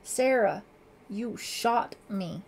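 A woman reading an audiobook, voicing a stern middle-aged police lieutenant who shouts orders. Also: high-pitched, flat delivery, moderate pace, a little hiss or hum, lightly acted. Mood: pained. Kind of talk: audiobook character voice.

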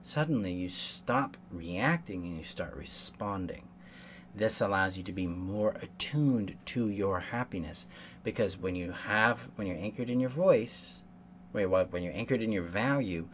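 A man's voice: low-pitched, fairly bright tone. A man coaching on codependency in a solo teaching talk, earnest and explaining step by step with repeated phrases. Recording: faint background noise.

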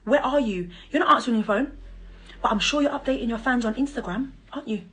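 A woman ranting at her child's father on a live stream, confrontational and mocking, swearing and bursting into loud laughter. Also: on the high side, fast talker, rough recording. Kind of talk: angry live-stream rant.

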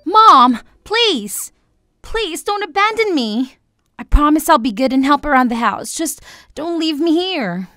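Casting: a woman playing a begging teen daughter, high and bright, dry close sound, soft music under. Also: expressive, measured pace, dry recording, heavily acted. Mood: pleading. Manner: pleading, tearful. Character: desperate teenage girl begging her mother.

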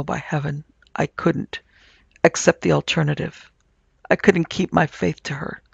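A man voicing a delirious, drunken young man who talks in hushed, peevish, pleading tones. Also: on the high side, vocal fry, husky, dry recording, highs cut off, full character voice. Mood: desperate.

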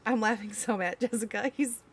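A woman's voice: a little high, fairly quick, breathy edge. A young woman streamer, reading chat aloud and giggling in casual talk.

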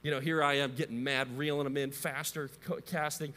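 A man's voice: medium pitch, level tone, brisk, bright, forceful tone. A man in his thirties with a Midwest American accent, preaching a sermon in a chatty, questioning way. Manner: conversational, asks the audience questions. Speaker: pastor. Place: church sanctuary. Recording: long hall reverb.

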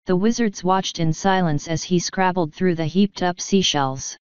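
A woman's voice: on the low side, moderate pace, smooth, no echo, highs cut off. A woman narrating an audiobook, reading every character herself with small shifts of voice. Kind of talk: scripted narration.

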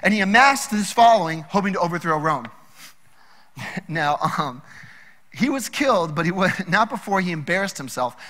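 A man preaching a sermon in a casual, animated storytelling way. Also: high voice, moderate pace, in a large hall. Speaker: pastor.

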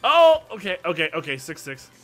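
A young man giving excited, laughing commentary while playing a game with a friend. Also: sits high, brisk, soft background music. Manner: shouting, laughing, hyped. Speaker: gaming YouTuber.

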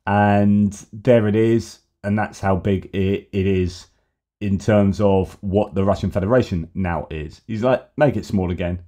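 A middle-aged man hosting news commentary, talking in an animated, argumentative way. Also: on the low side, measured pace.

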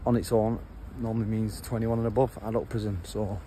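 The vlogger's voice is fairly low and warm, with a level tone and a slightly fast pace. Walking along a road with his phone in hand, he talks bluntly in slang over the sound of outdoor traffic.

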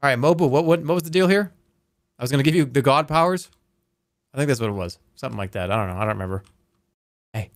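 A man streaming a game, chatting casually and joking as he reacts out loud to what happens. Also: mid-range voice, lively intonation, fast talker, pauses often, no echo, studio quality. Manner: playful, jokey, reacts out loud, swears. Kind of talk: casual live-stream gameplay commentary.

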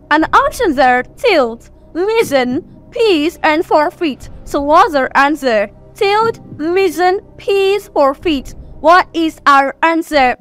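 A woman's voice: sits high, a bit bright. A woman with a Nigerian accent teaching an English exam prep lesson, saying each word several times as a drill.

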